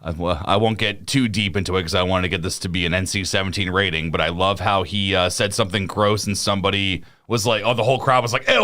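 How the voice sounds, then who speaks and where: A man's voice: sits low, steady tone, fast talker, few pauses, pushed and bright. A young man hosting a casual live chat, rambling stories and laughing often. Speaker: host.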